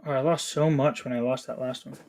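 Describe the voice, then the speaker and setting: A man's voice: mid-range voice, steady tone, brisk, darkish tone. A man in his thirties from New England, chatting casually with his live-stream chat while he plays a game. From New England, USA. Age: 30s. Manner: chatty, reads chat aloud while playing.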